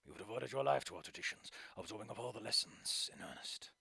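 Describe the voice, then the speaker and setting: Old raptor showman, proud and grandiose, put on by a male streamer; gravelly, bright voice. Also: a little high, expressive, normal speed, no room sound, studio quality, heavily acted. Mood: soothing. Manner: grand theatrical showman speech.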